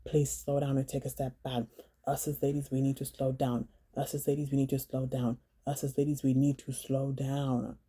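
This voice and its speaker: A woman telling her own story in a vlog, halting and earnest, often repeating words and phrases. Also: rumbling low, flat delivery, dark tone, breathy edge. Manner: earnest, urging viewers to slow down.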